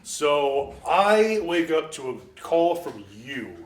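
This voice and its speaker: Animated, laughing storyteller man. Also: a little high, slow pace, roomy sound. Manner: animated anecdote teller, acts out quoted voices, laughs often. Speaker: interview guest. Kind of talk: casual storytelling.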